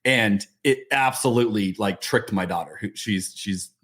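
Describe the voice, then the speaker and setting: A middle-aged man hosting a podcast, asking questions and telling stories in a conversational, animated way. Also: fairly low pitch, normal speed, husky. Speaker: podcast host. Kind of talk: podcast interview.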